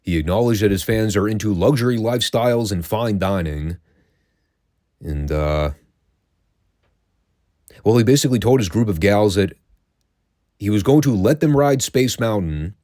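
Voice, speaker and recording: A man with a fairly low voice recaps old wrestling episodes in a loose, casual way, dryly sarcastic and quick to swear. The recording is dry and close, with no room sound. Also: lively intonation, dark tone, no room sound. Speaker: podcast host reviewing classic wrestling.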